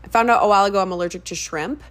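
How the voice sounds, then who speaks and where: A young woman chatting on her own podcast in a loose, animated way. She fills the talk with ums and quick side remarks. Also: medium pitch. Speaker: podcast host. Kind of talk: casual solo podcast chat.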